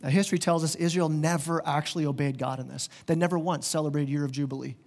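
Male pastor mid-sermon with a high-set voice; lively, restarts words often, addresses the congregation directly. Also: fast. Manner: animated, stumbles and repeats words, talks straight to the congregation. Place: church.

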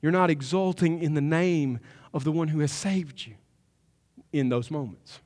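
A man preaching a sermon as pastor, emphatic and building to loud climaxes. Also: on the high side, normal speed, in a large hall. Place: church sanctuary.

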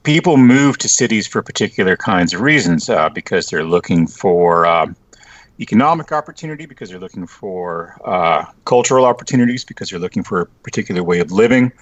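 A middle-aged man talks in a low, deep voice, recorded close and completely dry. He is a journalist guest in a casual podcast chat. He sounds wry and lively, with lots of "you know" fillers. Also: a little fast, no echo, dull audio. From Texas Panhandle.

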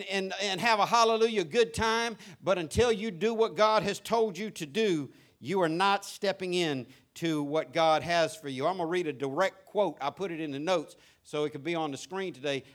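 A man's voice: sits high, a bit bright. A middle-aged man, preaching a sermon to his church in an emphatic, plain-spoken way with lots of repetition. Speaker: pastor. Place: church sanctuary.

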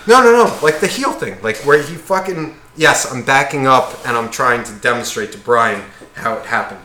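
A man's voice: medium pitch, lively intonation, normal speed, sharp tone, roomy sound, slight background noise. A man, co-hosting a casual podcast and ranting with lots of swearing while acting out other people. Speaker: podcast co-host. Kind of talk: casual chat.

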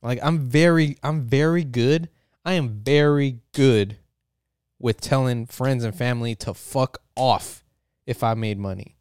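A man's voice: medium pitch, measured pace, darkish tone, clean tone, dry recording, clean studio sound. A man talking in a casual, rambling monologue, joking and swearing often, with lots of filler words. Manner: profane, joking, full of fillers.

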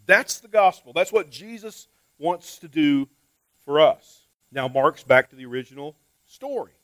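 A male pastor delivers a sermon in a fairly high voice, talking to his listeners as if in conversation. He asks rhetorical questions and repeats words as he restarts. His level moves from quiet asides to loud, pressing emphasis, and the sound is dry and close. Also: no echo, poor audio. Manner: swings between soft asides and loud emphasis.

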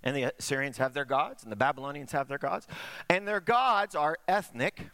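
Man, pastor preaching, high voice, sharp bright tone, dry close sound. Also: no room sound. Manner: animated preaching, drops to quiet asides, slows for emphasis; asks the congregation "Amen?". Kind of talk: sermon.

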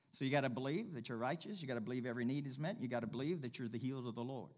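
A man preaching to his congregation in a mid-pitched voice. He talks in a folksy, easygoing way, repeats his key points and climbs into loud, emphatic bursts. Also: rapid-fire, hardly any pauses. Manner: folksy, jokes with the congregation and laughs. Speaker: pastor. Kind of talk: sermon.

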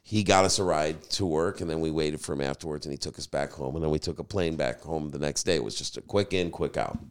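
A man, a podcast host and DJ, telling a story in casual chat, animated and swearing freely. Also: very deep voice, fast, clear, resonant tone.

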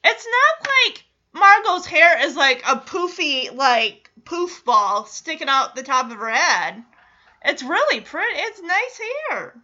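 Young woman, casual episode recap, teasing, gossipy, very lively pitch, muffled lo-fi recording. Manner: animated, gossipy, quick to laugh and tease. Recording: dull lo-fi audio.

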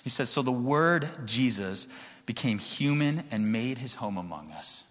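A young adult man, a pastor, giving a sermon in a relaxed storytelling way that grows more animated at times. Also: mid-range voice, measured pace. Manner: conversational storytelling, rising to excited emphasis. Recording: long reverb of a large hall.

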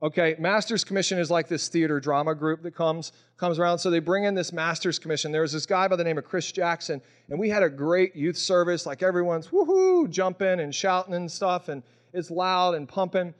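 High-voiced pastor telling his story. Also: brisk, hardly any pauses. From Mississippi. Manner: casual, storytelling, emotional, acts out quoted voices. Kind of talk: sermon with personal testimony.

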